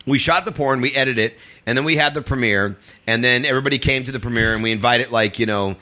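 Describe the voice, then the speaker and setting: A man's voice: mid-range voice, fast, pushed and bright. A comedian telling casual, rambling stories, often laughing as he talks. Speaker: comedian guest. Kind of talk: casual storytelling.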